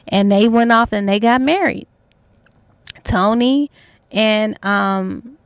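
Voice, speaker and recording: Chatty woman with a higher voice. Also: smooth, dry recording. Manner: chatty, colloquial, acts out characters' lines. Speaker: book reviewer. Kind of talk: casual plot retelling.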